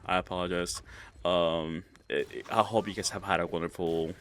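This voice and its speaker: A man's voice: deep voice, steady tone, fairly quick, fairly bright tone, a little hiss or hum. A young man giving casual advice in a rambling, profane way, often stammering and restarting. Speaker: vlogger.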